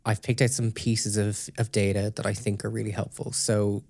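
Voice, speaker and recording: A man with a low, gravelly voice walks his co-host through research findings in relaxed podcast chat. He explains things steadily and checks in often to make sure she is following. The sound is dry and close. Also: moderate pace, no room sound.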